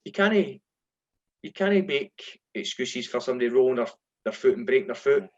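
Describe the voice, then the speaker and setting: A middle-aged man with a Scottish accent tells dressing-room stories in a relaxed sit-down chat. He slips into other people's voices when he quotes them. The recording sounds slightly dull and lo-fi. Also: mid-range voice, moderate pace. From Scotland. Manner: animated anecdotes, acts out voices in quotes. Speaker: former footballer, guest. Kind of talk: casual storytelling.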